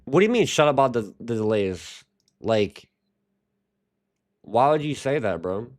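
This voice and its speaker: A man's voice: medium pitch, lively intonation, a little slow. Profane ranting male streamer. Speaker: livestream host. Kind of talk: casual livestream chat.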